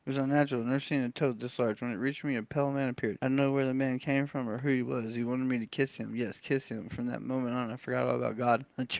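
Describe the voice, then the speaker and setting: A man voicing a frightened villager who confesses to an inquisitor in hushed, hurried testimony, recorded with dull, dry lo-fi sound. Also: medium pitch, steady tone, gravelly, no echo, close to an everyday voice. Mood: hushed, uneasy.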